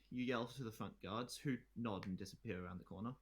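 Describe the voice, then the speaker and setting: A man's voice: on the low side, fairly quick, hardly any pauses. A man narrating a tabletop role-play in the second person, often restarting and repeating phrases.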